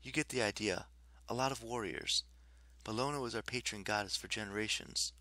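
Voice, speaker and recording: A man reading an audiobook, voicing a serious young woman warrior demigod in a raised pitch. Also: fairly quick, pushed and bright, no room sound. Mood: earnest. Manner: raised pitch for a female role.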